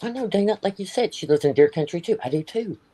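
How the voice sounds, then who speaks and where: A man's voice: sits high, lively intonation, quick pace, mellow. A man hosting a livestream, talking in a heated, blunt way, swearing and repeating himself. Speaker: livestream host. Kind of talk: ranting live-stream chat.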